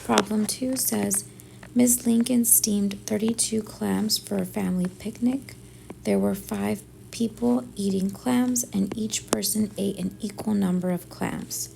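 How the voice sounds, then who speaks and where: A woman teacher working through division word problems step by step, thinking aloud and often dropping to a soft near-whisper. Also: mid-range voice, steady tone, unhurried, vocal fry, background noise. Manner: thinks aloud step by step, often softly under her breath. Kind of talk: math lesson walkthrough.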